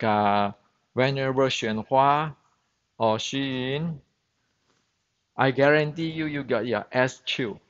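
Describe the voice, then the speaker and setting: Man, native Chinese speaker, blunt lecturing instructor in broken English, slow unhurried delivery, muffled lo-fi recording. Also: medium pitch. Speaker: Wing Chun instructor. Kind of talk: opinionated monologue. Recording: dull, muffled lo-fi sound.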